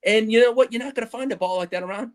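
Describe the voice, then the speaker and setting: A man's voice: high voice, rapid-fire. A middle-aged man co-hosting a casual livestream chat, telling rambling stories with lots of laughs. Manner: rambling, animated storytelling with laughs. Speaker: show co-host.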